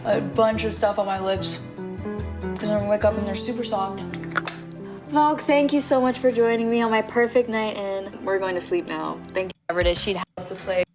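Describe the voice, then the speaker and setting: Music plays behind a young woman, a singer, as she shows off her home at night in a casual video tour. She talks at a moderate pace in a medium, fairly level voice, playful and quick to giggle.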